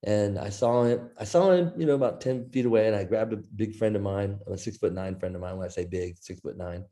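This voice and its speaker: A middle-aged man from Iowa, guesting on a business interview show, spins a long personal anecdote. His voice sits a little low with a mellow, relaxed tone. He acts out what everyone said in his own voice. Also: brisk. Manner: animated anecdote teller, quoting others in his own voice. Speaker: guest author. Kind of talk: storytelling in an interview.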